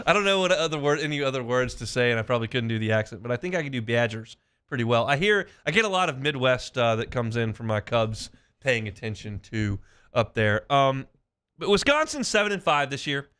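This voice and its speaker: Brisk male sports radio host. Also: mid-range voice, sing-song, fairly bright tone, smooth. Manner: brisk, reels off stats. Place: radio studio. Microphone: studio mic.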